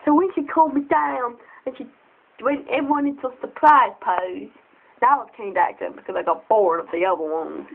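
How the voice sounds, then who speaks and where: A young girl telling funny stories to camera, giggly and excitable, often jumping into squeaky voices. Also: fairly quick, gravelly. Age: child. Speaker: storyteller. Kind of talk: casual storytelling to camera. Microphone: phone. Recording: tinny phone recording.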